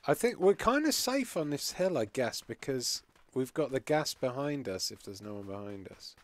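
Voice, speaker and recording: A man's voice: medium pitch, big pitch swings, moderate pace, no echo. A British man hosting a live game stream, chatting with teammates and joking between gunfights. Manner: jokey, yelps and swears when hit. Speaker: streamer and host. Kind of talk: live gameplay commentary.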